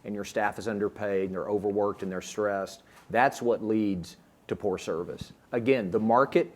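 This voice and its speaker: A man's voice: lowish voice, fairly even intonation, normal speed. A man on a panel making an emphatic point about providers and pay. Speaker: panel participant.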